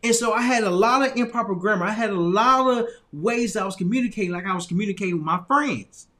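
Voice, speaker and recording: A man with an Arkansas Southern accent tells a personal lesson in a relaxed, conversational way. His voice sits high for a man, and his phrasing loops back on itself with easy laughs. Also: fast talker. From Little Rock, Arkansas, US. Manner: loose, repetitive phrasing with frequent laughs and restarts. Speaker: motivational speaker. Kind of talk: casual storytelling talk.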